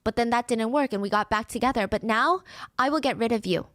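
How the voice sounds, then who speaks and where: A woman narrating a scripted true-crime story in a brisk way, acting out the quoted speech as she goes. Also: on the high side, fairly bright tone, no echo, studio quality.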